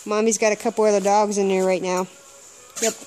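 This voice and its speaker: A woman's voice: medium pitch, little pitch movement, a little fast, darkish tone, soft background music. A woman filming her dog in its kennel and talking to it in sing-song, coaxing baby talk, with plenty of repetition. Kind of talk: casual video talking to a pet.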